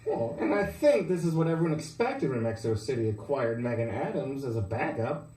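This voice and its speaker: A man's voice: medium pitch, sing-song, fairly quick, dark tone. A man hosting a comedy sports talk show, asking questions in a dry, teasing way. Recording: roomy sound from a distance.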